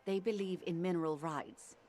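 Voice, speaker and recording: An actress voicing a composed, worldly woman who explains politics in a measured, dry way. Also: fairly low pitch, warm tone, soft background music, lightly acted. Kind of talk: game voice acting.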